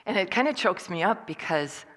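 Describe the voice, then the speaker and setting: An older woman telling personal stories as a motivational speaker, animated and acting out the voices of the people she quotes. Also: lowish voice, normal speed. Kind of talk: storytelling talk. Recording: long hall reverb.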